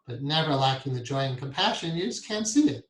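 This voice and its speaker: A man teaching a guided meditation lesson, talking calmly and softly and chuckling often as he explains and counts breaths. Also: medium pitch, brisk. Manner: calm, soft-spoken, chuckles often. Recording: echoey room.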